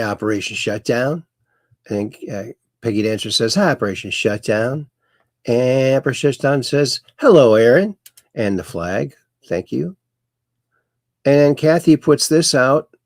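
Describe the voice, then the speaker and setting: A man's voice: medium pitch, animated, unhurried, dry recording, clean studio sound. A man hosting a casual livestream, rambling and reading viewer comments aloud. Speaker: host.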